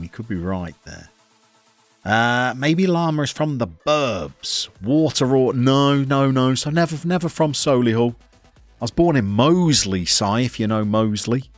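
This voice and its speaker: A man from the English Midlands with a soft Birmingham accent, chatting casually and wryly to his chat while playing a football management game. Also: medium pitch, no room sound. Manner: wry, self-mocking chatter to chat. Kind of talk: casual live-stream commentary.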